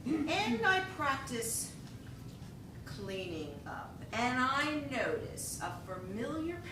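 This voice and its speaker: A woman tells a funny story live on stage, her high voice leaping all over the place while she drags out her words. She laughs often as she talks. She sounds far from the mic in a very echoey hall, with a low rumble of noise underneath. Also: sing-song, slow pace.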